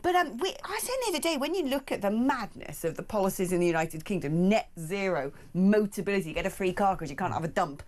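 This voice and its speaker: A woman hosts a talk show from a broadcast studio, brash and animated. She riffs freely and jumps from point to point with quips. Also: medium pitch. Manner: brash, animated, quick to riff and joke.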